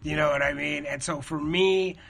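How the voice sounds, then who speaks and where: A man's voice: on the high side, steady tone, normal speed, fairly bright tone. A man, a comedian on a podcast, talking candidly and a bit self-doubtingly about learning stand-up, with casual swearing.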